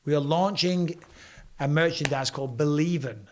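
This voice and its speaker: This English live streamer has a hoarse, strained voice pitched a bit high for a man, and he talks at a normal speed. He reads out comments from viewers and answers them with cheeky, casually sweary banter.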